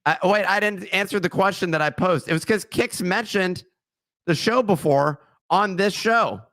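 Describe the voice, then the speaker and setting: A man's voice: high-pitched, normal speed, fairly bright tone, no echo. A man hosting a podcast, reading a sponsor ad with joking asides and slips of the tongue. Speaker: podcast host. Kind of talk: casual podcast chat with ad read.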